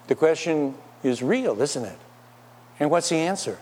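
A man's voice: a little high, animated, unhurried, darkish tone. A man preaching a sermon in a church, asking his listeners rhetorical questions. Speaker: pastor. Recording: long hall reverb.

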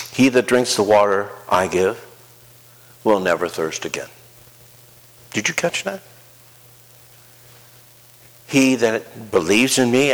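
A pastor delivers his sermon in a church sanctuary, his voice carrying a long hall reverb. He moves between soft, low-pitched asides and climbing, emphatic proclamations. His pitch sits in the ordinary middle range for a man.

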